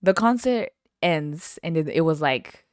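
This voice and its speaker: A woman's voice: sits low, measured pace, no echo, studio quality. Young woman telling a story, lots of "like". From western Canada. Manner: animated, laughs often, heavy use of "like", acts out quotes. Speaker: podcast host. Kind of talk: casual storytelling.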